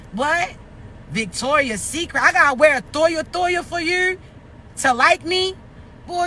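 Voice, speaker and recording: A vlogger in her thirties rants to camera for her followers, blunt and casual, swearing and hurling rhetorical questions. She's outside near traffic and a little winded, and her voice sits high, bright and forceful.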